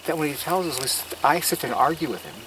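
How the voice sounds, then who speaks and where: A fast-speaking man with a high-leaning voice walks through his garden outdoors, telling earnest, emphatic stories in a casual tour style, punctuated by preacher-like asides. It was captured as a field recording with outdoor noise.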